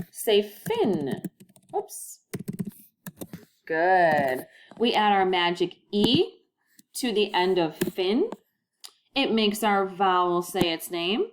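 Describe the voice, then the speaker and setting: A woman teacher leads a recorded phonics lesson at an unhurried pace. Her voice swings widely in pitch as she draws out each model word. She sounds patient and encouraging, in a sing-song classroom manner. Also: noisy background. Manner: slow, deliberate, with drawn-out model words.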